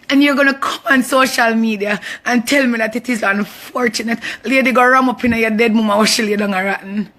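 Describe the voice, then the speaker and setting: A woman's voice: sits high, bright, forceful tone. A Jamaican woman in her thirties, speaking out in a fierce, indignant social media rant. She is emotional and near tears, and repeats her lines for emphasis. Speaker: abuse survivor speaking out.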